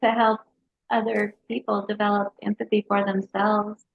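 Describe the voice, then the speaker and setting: A woman therapist telling a personal story in an interview, in a lively storyteller's manner. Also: medium pitch, moderate pace, creaky. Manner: lively storyteller who acts out her kids' voices. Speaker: hypnotherapist and mental health counselor. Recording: dull lo-fi sound.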